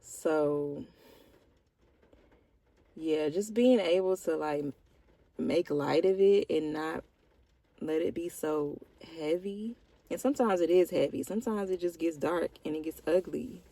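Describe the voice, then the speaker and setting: Slow, gravelly-voiced young woman vlogger. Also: low-pitched, mellow, no echo. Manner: slow, reflective and heartfelt, with casual slang. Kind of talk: candid personal check-in.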